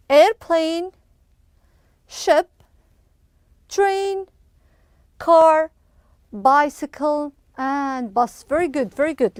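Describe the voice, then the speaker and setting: A woman teaching English to young children in an online lesson, slow and encouraging, with frequent praise. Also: high-pitched, no echo.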